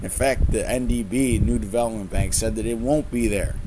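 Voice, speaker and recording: A man preaching at his viewers in a rough, profane rant. He keeps repeating himself and tags nearly every line with "okay?" or "man". An air conditioner hums loudly behind him. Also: lowish voice, moderate pace. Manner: swears a lot, tags lines with "okay?" and "man"; repeats and restarts phrases. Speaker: religious video host. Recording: noisy room with air conditioner hum.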